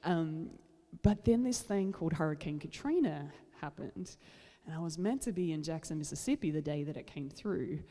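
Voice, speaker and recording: Relaxed Australian woman chatting between songs. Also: low-pitched, moderate pace, in a large hall. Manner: chatty, self-deprecating, many fillers. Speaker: singer-songwriter. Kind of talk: concert stage banter. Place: large church.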